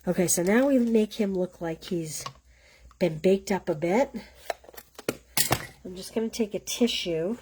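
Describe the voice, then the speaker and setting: In a live craft demonstration, a woman with a Boston accent runs a card-stamping class, explaining each step while chatting and joking at her own expense. She has a medium pitch and an unhurried pace, pausing often against a noisy background.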